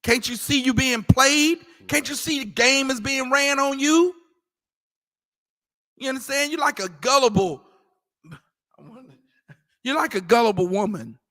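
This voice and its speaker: A man talking casually in a scripture class, animated and mocking, acting out the voices he quotes. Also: extremely high pitch, a little slow, pauses often, in a large hall. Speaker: class teacher.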